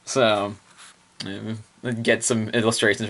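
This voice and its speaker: A man's voice: on the low side, flat delivery, moderate pace, gravelly, fairly bright tone. A man casually reviewing printed books, chatty and off-the-cuff, chuckling often. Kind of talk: casual book review chat.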